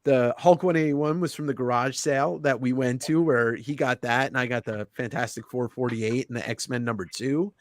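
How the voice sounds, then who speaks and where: A man's voice: medium pitch, moderate pace, few pauses, no echo, clean studio sound. A man hosting a livestream giveaway, chatting casually in a rambling, jokey, self-mocking way. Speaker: livestream host. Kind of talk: casual chat.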